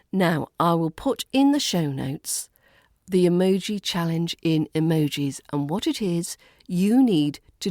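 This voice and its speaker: British RP woman, accent coach, unhurried delivery, repeats each phrase twice, low-ish voice. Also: darkish tone, no echo, clean studio sound. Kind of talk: scripted accent lesson.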